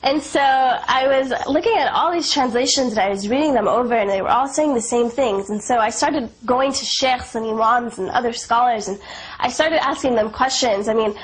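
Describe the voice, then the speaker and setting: Earnest young woman, higher voice. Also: low-quality recording. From Afghanistan. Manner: earnest, conversational, many fillers like "you know" and "like". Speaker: convert sharing her testimony. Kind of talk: personal testimony.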